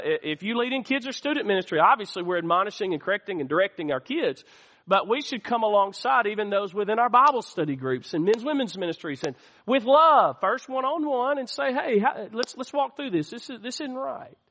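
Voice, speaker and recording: High-voiced preacher calling for amens. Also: male voice, fairly bright tone, big-room sound. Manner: call-and-response preaching, asks the church for amens. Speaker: pastor. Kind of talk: sermon. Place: church sanctuary.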